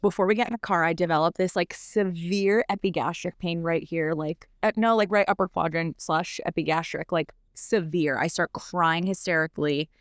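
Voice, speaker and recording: A young adult woman telling a personal story as a podcast guest, in a quick, animated way full of filler words. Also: on the low side, no echo, clean studio sound. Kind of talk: casual storytelling.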